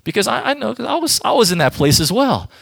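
A man's voice: high-pitched, very animated, quick pace, vocal fry, a bit bright, breathy edge, no room sound, studio quality. A man giving an informal sermon to a youth group as their pastor, talking directly and emphatically to the audience.

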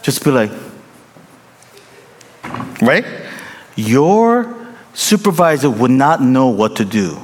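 A man preaching a sermon as a pastor, animated and humorous, acting out the voices of the people he quotes. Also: on the high side, takes it slowly, long pauses. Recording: long reverb in a large hall.

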